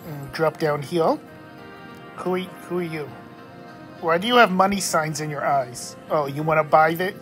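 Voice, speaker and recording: Woman gaming host, excitable, slow-paced commentary, faint music behind. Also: on the low side. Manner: excitable, jokey, exclaiming. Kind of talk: casual gameplay commentary.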